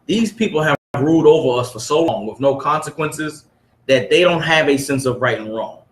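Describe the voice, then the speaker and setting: An expressive man with a somewhat high voice speaks at normal speed as he leads a study group. His lesson is preachy: he reads aloud and emphatically challenges the listeners with rhetorical questions, and the room around him is echoey.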